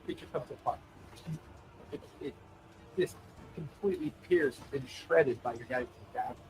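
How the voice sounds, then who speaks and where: A man's voice: medium pitch, moderate pace, faint music behind, poor audio. A man acting as game master, describing combat and asking for rolls in a casual, laughing way. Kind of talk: narrating a tabletop game.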